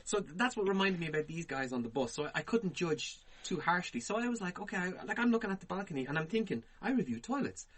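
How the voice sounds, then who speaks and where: Male podcaster, bright, slightly high voice, swearing, lively storyteller. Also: fast, hardly any pauses. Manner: profane, animated, laughs through his stories. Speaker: podcast co-host. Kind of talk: casual storytelling chat.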